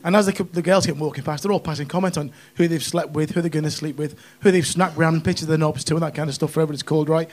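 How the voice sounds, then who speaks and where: On a comedy club stage, a middle-aged man from Runcorn in northwest England performs stand-up in a fairly high voice for a man, with a northwest English accent. He's chatty and cheeky, constantly checking in with tag questions. His tone stays steady, and he moves quickly with few pauses.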